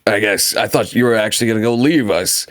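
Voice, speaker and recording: A man playing a tabletop game, speaking calmly and mildly. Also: fairly low pitch, fast, dry recording, studio quality. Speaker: player.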